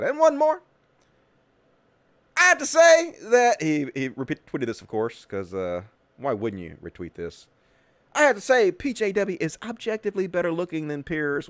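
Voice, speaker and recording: A man's voice: medium pitch, no room sound. A man hosting a political commentary show, talking in a sarcastic, mocking and profane way. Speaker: host.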